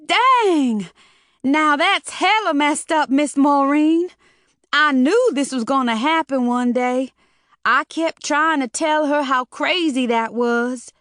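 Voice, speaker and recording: A woman voicing a scared young woman just out of school, with a squeaky, trembling, hesitant and slangy way of talking. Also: slow, a bit bright, no echo, studio quality. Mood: chatty.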